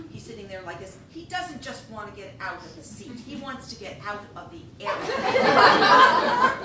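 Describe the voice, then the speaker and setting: A woman telling a comic story on stage, animated and laughing often as she talks. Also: normal speed. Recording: echoey hall, voice from a distance, rumbling noise.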